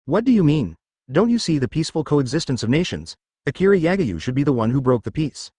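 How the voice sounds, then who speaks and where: A man's voice: on the high side, sing-song, fairly quick, dark tone, breathy edge, no room sound, clean studio sound. A man reading the lines of an impatient, frustrated male ninja leader in a storybook narration. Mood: exasperated. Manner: exasperated, pressing.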